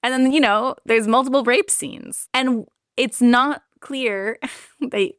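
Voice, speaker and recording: A woman's voice: on the high side, slow, dry recording, clean studio sound. A woman co-hosting a podcast, casually retelling film scenes and voicing the characters' lines. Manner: expressive, retells scenes with acted-out quotes. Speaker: podcast co-host.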